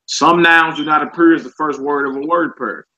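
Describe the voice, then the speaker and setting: A man teaching a class, reading from a book and explaining slowly, repeating each word and often asking "all right?". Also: a little high, fairly even intonation, bright, forceful tone. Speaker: Hebrew teacher. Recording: muffled lo-fi class recording with faint noise.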